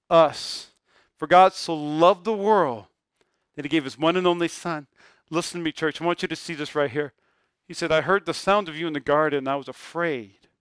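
A man preaching a sermon as pastor, swinging between loud emphatic bursts and hushed, near-whispered lines. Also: a little high, clean tone, dry recording, clean studio sound.

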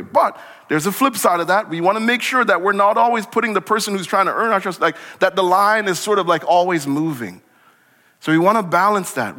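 A man preaching a sermon as a church pastor, conversational and animated, acting out little scenes from the text. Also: high-pitched. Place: church sanctuary. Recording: long hall reverb.

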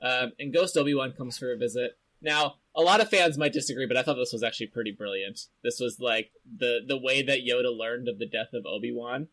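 A man hosting a podcast in casual chat, his voice sitting at an ordinary middle pitch. He talks in a loose, rambling way, with plenty of "like" and "um" as he recaps. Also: a little fast, hardly any pauses, a bit bright. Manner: chatty, filler-heavy recap with lots of "like". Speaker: podcast host.

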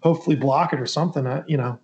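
A man's voice: medium pitch, rapid-fire, a crowd in the background. A man in casual sports chat who halts and repeats words as he talks. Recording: dull lo-fi sound.

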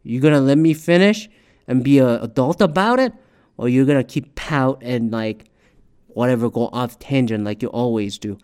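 A man's voice: medium pitch, moderate pace, clear, resonant tone. Profane man ranting casually. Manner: profane, animated, acts out quotes in shifting voices. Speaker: commentator. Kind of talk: casual political rant.

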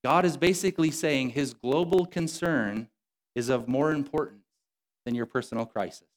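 A man's voice: medium pitch, normal speed. A man preaching a sermon with a mid-range voice, easygoing and conversational. He slips into casual quoted lines as he retells a story, then returns to his point. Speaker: pastor.

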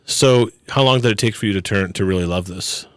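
A man's voice: on the low side, brisk, a bit bright, dry recording. A man co-hosting a podcast interview, playful and prone to digressions and jokes, recorded on a close mic. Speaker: podcast co-host. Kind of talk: casual interview conversation. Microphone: close studio podcast mic.

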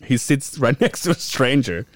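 A man co-hosting a podcast, chatting in crude, animated banter, laughing and acting out the stories he tells. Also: medium pitch, moderate pace, no echo, clean studio sound. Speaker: podcast co-host.

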